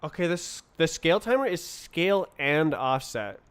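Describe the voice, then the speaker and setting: A man's voice: on the high side, big pitch swings, normal speed, fairly bright tone, clean tone. A man streaming live while he programs, muttering to himself and tossing in playful nonsense words. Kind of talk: thinking aloud while programming.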